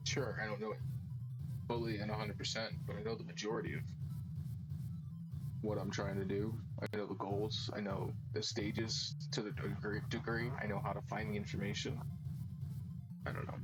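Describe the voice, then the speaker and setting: Lowish guy streamer rambling and second-guessing himself, loud music playing under him. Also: flat delivery, moderate pace, long pauses, rough recording. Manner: self-doubting, rambling with many restarts. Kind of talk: rambling casual gameplay chat.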